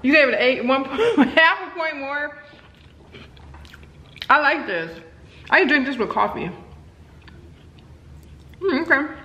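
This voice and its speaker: A woman's voice: high voice, expressive, slow pace, long pauses, pushed and bright. Chatty woman vlogging in an echoey home. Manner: chatty, playful, talks to her kids and dog while filming. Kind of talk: casual home vlog chat. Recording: echoey room with faint noise.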